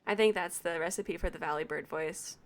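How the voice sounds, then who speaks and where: A young woman with an Atlantic Canadian accent and a slight Valley Girl sound chats casually while streaming a game. Her voice sits on the low side at a normal speed, and she rambles with frequent laughs.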